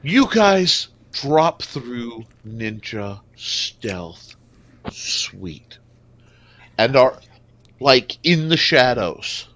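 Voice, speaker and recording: A man's voice: medium pitch, sing-song, extremely slow, a bit bright. A man running a tabletop game as game master, narrating in a loose, joking, profane way.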